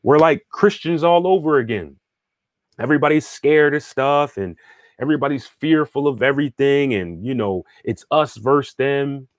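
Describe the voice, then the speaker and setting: A man talks through a spiritual lesson in a loose, conversational flow, repeating himself and restarting phrases as he thinks aloud. He keeps checking in with the listener as he goes. His voice sits at a middling pitch, and the sound is dry and close. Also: animated, moderate pace, no room sound. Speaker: spiritual teacher and astrologer. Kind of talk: casual teaching monologue, answering viewer questions.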